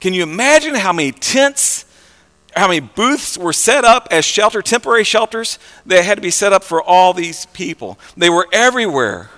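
A man preaching a sermon in a conversational, animated way, with frequent fillers and restarts. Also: high-pitched, moderate pace, in a large hall.

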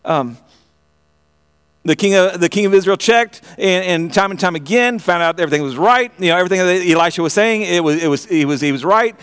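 High-voiced man preaching an animated sermon. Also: brisk, clean tone. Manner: animated storytelling with frequent repeated starts; asks the audience direct questions.

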